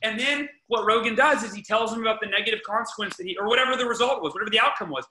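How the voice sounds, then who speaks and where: A man hosting a podcast, giving casual parenting advice in an energetic, emphatic way, often repeating himself and restarting sentences. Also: sits high, racing, a little hiss or hum. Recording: echoey room.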